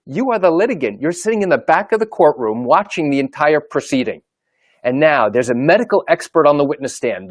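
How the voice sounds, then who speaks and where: Brief: male lawyer, slightly high voice, emphatic live talk, dry close sound. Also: no room sound. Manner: emphatic, repetitive, rhetorical questions. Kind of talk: live video talk to camera.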